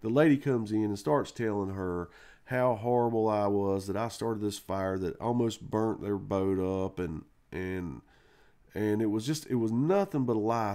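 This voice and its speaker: A man's voice: on the low side, normal speed, warm tone. A man hosting a live stream, telling a rambling childhood story casually, with swearing and fillers. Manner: rambling, profane, full of fillers like "man" and "you know".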